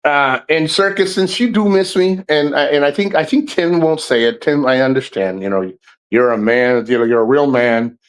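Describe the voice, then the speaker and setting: A man's voice: medium pitch, moderate pace, smooth, low-quality recording. A man hosting a casual livestream, talking in a rambling, jokey way and swearing freely. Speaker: livestream host.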